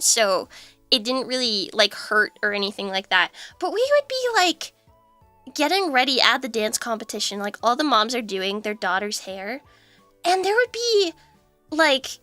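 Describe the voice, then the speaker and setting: Young woman streamer, high and bright, chatty storyteller who laughs a lot; casual livestream chat. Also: no echo.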